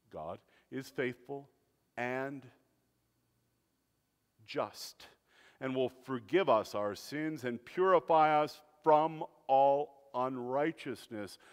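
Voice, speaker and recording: A man preaching as a pastor, his voice at a middle pitch that rises with loud emphasis and drops to near a hush. He delivers a dramatic sermon with wide swings in pace and loudness. His voice carries a long reverb from a church sanctuary.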